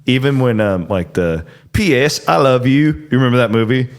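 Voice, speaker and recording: A man's voice: mid-range voice, animated, moderate pace. A middle-aged man hosting a podcast, telling stories in a rambling way, full of fillers and restarts. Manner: rambling, filler-heavy, self-interrupting. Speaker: podcast host. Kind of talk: casual chat and storytelling.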